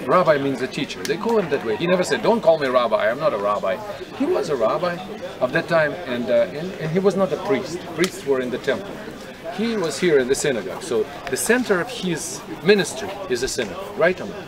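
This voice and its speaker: A man's voice: on the high side, very animated, a little fast. A man leading a tour group outdoors, talking casually and asking his listeners questions as he explains. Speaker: tour guide. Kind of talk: guided tour talk. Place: outdoors at a historic site. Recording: outdoor recording with crowd noise. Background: crowd chatter.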